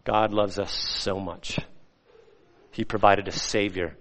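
A male pastor preaching a sermon, swinging between loud, rising emphasis and soft, hushed lines. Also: on the low side, little pitch movement, slow. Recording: long hall reverb.

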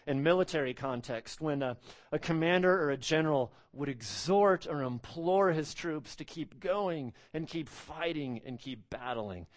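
Emphatic male preacher. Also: fairly high pitch. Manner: emphatic, repeats phrases, asks the audience rhetorical questions. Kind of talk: expository sermon.

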